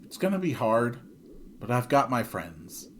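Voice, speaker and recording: An earnest young hero speaks gently to encourage someone, as a man reads the part. His voice stays soft and unhurried. It is close to the reader's own voice. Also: mid-range voice, big pitch swings, a little hiss or hum, pitched below the performer's own voice. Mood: gentle. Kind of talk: video game dialogue reading.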